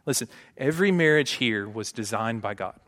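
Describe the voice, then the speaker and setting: Speaking at a moderate pace in an animated, mid-range voice with a bit of brightness, a pastor preaches in a church sanctuary. Long hall reverb surrounds his conversational sermon, and he checks in with listeners by frequently saying "right?"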